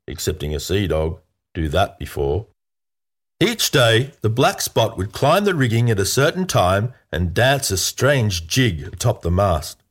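A man with a fairly low voice reads a comic pirate yarn aloud. His delivery is playful and tongue-in-cheek, in the manner of a scripted storybook narration.

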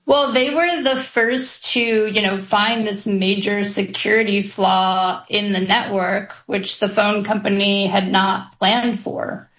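A woman's voice: mid-range voice, fairly bright tone, roomy sound, poor audio. A woman guest on a radio discussion, explaining thoughtfully with some hesitations. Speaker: guest commentator.

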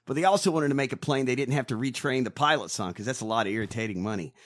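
A man's voice: medium pitch, rapid-fire. A man co-hosting a casual podcast, ranting with lots of swearing. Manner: profane, animated ranting. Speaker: co-host.

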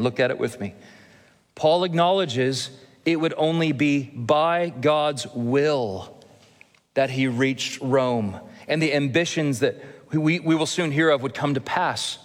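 A male pastor delivering a sermon in an earnest, measured way, with touches of gentle humor. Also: on the high side. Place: church sanctuary. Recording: long reverb of a church hall.

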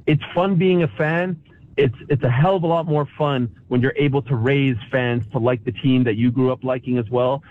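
A man in his forties from Canada calls in to a show. He is emotional and often restarts his sentences, and his voice comes through a tinny, phone-like line with a middle pitch. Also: fairly even intonation, moderate pace, a little hiss or hum. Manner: emotional, restless, many restarts. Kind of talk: casual chat.

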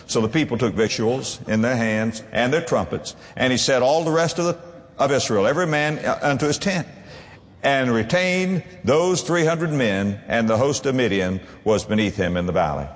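A man preaching a sermon as pastor, emphatic, swinging between low and high. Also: expressive, normal speed, long reverb tail.

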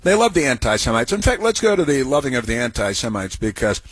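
A man's voice: mid-range voice, very animated, quick pace, a bit bright, slightly rough, no echo. A man hosting a radio talk show, giving scornful, opinionated commentary full of "uh"s. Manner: scornful, sarcastic, many filler "uh"s.

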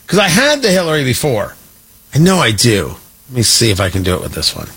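A man's voice: medium pitch, huge pitch swings, a little fast, a bit bright, breathy edge. A man hosting a talk show, delivering a sarcastic, mocking monologue with frequent restarts. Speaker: talk radio host.

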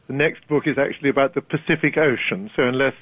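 A man's voice: medium pitch, fast talker, slightly rough, no echo. Older British man, genial, wry, chuckling, phone-line sound, dry. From Britain. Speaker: author guest. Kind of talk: casual interview chat. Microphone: telephone.

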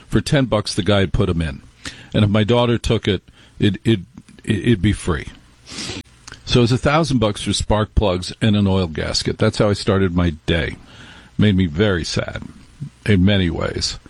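Husky-voiced man hosting talk radio. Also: fairly low pitch, no room sound. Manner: rambling, chatty storytelling with wry asides. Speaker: radio show host. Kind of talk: casual talk radio monologue.

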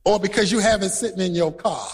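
A man preaching a sermon to a congregation, storytelling with bursts of shouted emphasis. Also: high voice, quick pace, background noise. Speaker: pastor. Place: large church hall. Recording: reverberant hall, husky tone.

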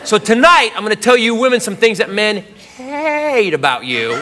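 A man doing a stand-up routine, ranting loudly in mock exasperation. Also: high-pitched, big pitch swings, moderate pace, few pauses. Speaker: stand-up comedian. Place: comedy stage. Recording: live show with audience laughter and noise.

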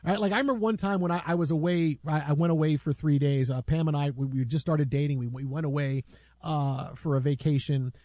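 A man's voice: a little high, fairly even intonation, fast, dark tone, no echo. A man hosting a casual sports talk show, rambling with many restarts as he tells stories about a colleague.

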